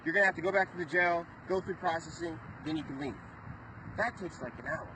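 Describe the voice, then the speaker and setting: A man's voice: fairly high pitch, fairly quick, noisy background. A man vlogging, agitated and rambling as he retells events to the camera, swearing often. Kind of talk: casual storytelling to camera.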